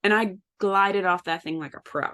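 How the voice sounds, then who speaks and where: A woman's voice: mid-range voice, normal speed. Candid woman telling a personal story. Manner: candid, animated, addresses listeners as y'all. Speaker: podcast host.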